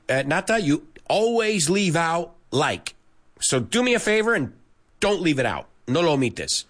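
A man's voice: a little high, big pitch swings, fairly bright tone. A man teaching English who is sick with a cold, reading out learner comments, correcting mistakes and switching between English and Spanish. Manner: spells out words letter by letter slowly. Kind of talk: live English lesson reading out listener comments.

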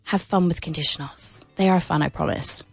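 A woman's voice: low voice, a little fast, gravelly, breathy edge, no echo, soft background music. A woman presenting a radio English lesson, playful and full of laughs, with exaggerated sing-song intonation on her questions. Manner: lively, playful, with many laughs. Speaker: English teacher and radio host. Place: radio studio.

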